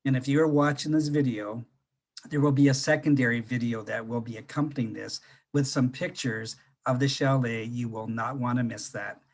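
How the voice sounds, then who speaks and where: A man hosting an interview, friendly and deliberate as he talks. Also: medium pitch, fairly even intonation. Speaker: host.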